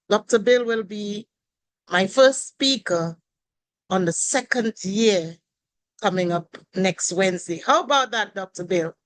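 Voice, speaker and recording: A woman hosting an online panel on a video call, giving an emotional, grateful thank-you speech with a hoarse, worn-out voice and many pauses. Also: mid-range voice, no echo, low-quality recording.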